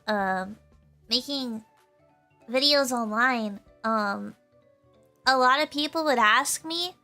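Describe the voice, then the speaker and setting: A woman streamer chatting casually with her viewers in a high, girlish voice, giggling often and filling her talk with "like". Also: pushed and bright. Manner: giggly, laughs often, full of "like" fillers.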